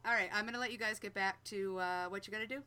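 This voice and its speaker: Woman guest, bright voice, giggly and chatty, just talking casual. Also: medium pitch, fairly even intonation, fast talker, clean tone. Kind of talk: casual chat.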